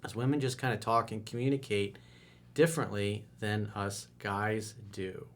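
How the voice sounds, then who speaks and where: A man who works as a dating coach, talking casually and with emphasis in a coaching video, his voice often jumping up in pitch and loudness. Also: fairly even intonation, moderate pace.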